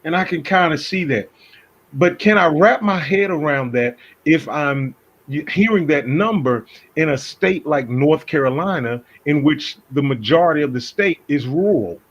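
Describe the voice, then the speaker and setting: A man from Philadelphia with a Philadelphia accent, talking through an interview in a casual, animated way and often repeating his phrases. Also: a little high, normal speed, lo-fi sound.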